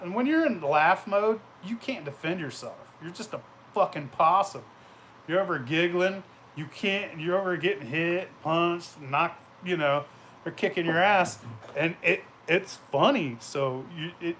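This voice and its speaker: A man's voice: fairly high pitch, a bit bright, a little hiss or hum. A man vlogging casually, telling rambling, profane anecdotes and laughing as he goes. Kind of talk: casual storytelling.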